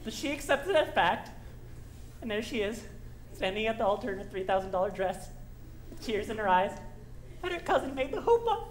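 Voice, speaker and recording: A woman's voice: on the high side, sing-song, fairly quick, long pauses, a little hiss or hum. A woman playing a lonely middle-aged male musical fan, talking straight to the audience in a rambling, confiding way on a stage. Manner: confiding, rambling, wry asides. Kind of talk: stage play acting, direct address. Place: theater stage.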